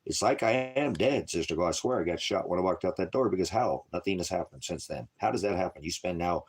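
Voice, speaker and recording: A man's voice: low-pitched, expressive, quick pace, slightly rough. Blunt rambling man preaching. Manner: rambling, blunt, swings from quiet to loud and forceful. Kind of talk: informal livestream sermon.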